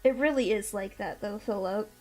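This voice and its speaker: A woman's voice: mid-range voice, moderate pace. A young woman with a mixed Midwestern and Southern American accent, chatting casually as a stream host, rambling and laughing often, with faint music behind her. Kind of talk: casual chat.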